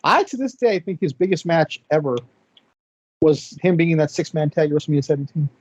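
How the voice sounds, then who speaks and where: A man in casual podcast chat, rattling off wry remarks at a fast clip. His voice is husky and mellow, a touch higher than most. It sounds dry and dull, like a lo-fi mic. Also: animated, no echo. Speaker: podcast co-host.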